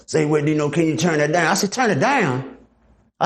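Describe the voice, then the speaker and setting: Middle-aged man for a gritty interview, animated and profane, jumps into the voices of the people in his stories. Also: fairly high pitch, a little fast. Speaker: guest. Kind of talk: casual storytelling interview.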